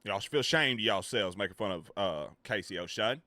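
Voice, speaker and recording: A man's voice: lowish voice, expressive, fairly quick, sharp tone, no echo. A man chatting casually with his viewers on a live stream, joking, rambling and swearing freely.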